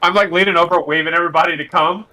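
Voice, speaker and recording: A man's voice: fairly high pitch, steady tone, rapid-fire, crowd noise. A man taking part in a tabletop role-playing game, chatting with the others in an eager way. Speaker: player. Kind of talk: casual tabletop play.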